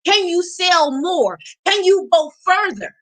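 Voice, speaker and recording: Emphatic, bright-voiced woman coach. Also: very high-pitched, expressive, slow. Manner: emphatic, preachy, repetitive. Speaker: motivational coach. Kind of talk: live motivational talk.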